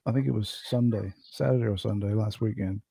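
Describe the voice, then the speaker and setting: A man in a casual chat, relaxed and easygoing, a little halting. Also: lowish voice, gravelly, slightly rough.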